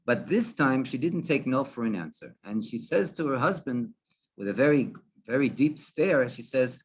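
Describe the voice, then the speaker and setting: A man, a rabbi, telling a story in a halting way, with many restarts and fillers. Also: mid-range voice, animated, slightly rough. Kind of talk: storytelling talk.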